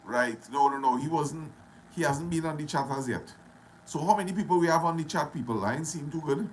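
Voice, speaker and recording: A man's voice: fairly high pitch, brisk, a little hiss or hum, low-quality recording. Trinidadian man greeting viewers live. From Trinidad and Tobago. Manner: greets viewers by name, loud and friendly. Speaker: livestream host. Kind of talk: casual live-stream chat greeting viewers.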